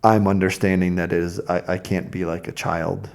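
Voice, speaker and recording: A young man talks in a casual podcast chat, blunt and candid as he tells his story. His voice sits fairly low and has a gravelly edge. He sounds animated and frank. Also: moderate pace. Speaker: podcast co-host.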